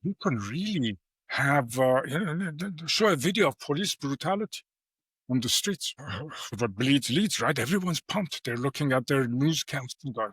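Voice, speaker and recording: A man's voice: mid-range voice, normal speed, breathy edge, dry recording. A middle-aged man, a guest professor in a casual interview, telling stories and acting out quoted dialogue. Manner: animated storyteller, acts out quoted dialogue.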